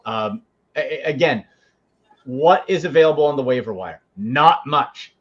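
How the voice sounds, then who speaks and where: On sports radio, a male fantasy football analyst fires off quick, emphatic takes and frequently restarts his sentences. His medium-pitched voice has lively intonation, and the sound is lo-fi.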